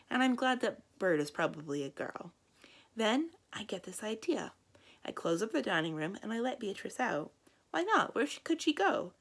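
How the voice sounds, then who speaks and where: A woman librarian reading a children's novel aloud in a lively, expressive storytelling voice. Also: creaky. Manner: lively, expressive storytelling with big swings in pitch and loudness.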